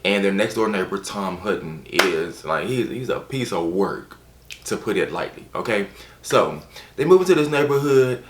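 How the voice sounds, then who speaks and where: Low-voiced, chatty man reviewing books. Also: normal speed, roomy sound, very noisy. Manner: chatty, animated, with playful asides. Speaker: book reviewer. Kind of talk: casual book review vlog.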